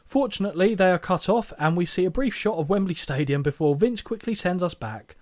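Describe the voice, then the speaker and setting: A man's voice: sits high, expressive, fairly quick, darkish tone, no room sound, clean studio sound. A man hosting a podcast, recapping with wry, sarcastic jokes. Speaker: podcast host. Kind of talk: comedic recap podcast chat.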